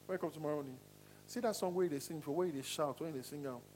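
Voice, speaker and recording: A man teaching a singing class, animated and demonstrative, often asking if he's understood. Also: quick pace, a little hiss or hum, rough recording. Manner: animated, demonstrating voices with sudden pitch swings. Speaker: singing coach. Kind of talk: voice lesson to a class.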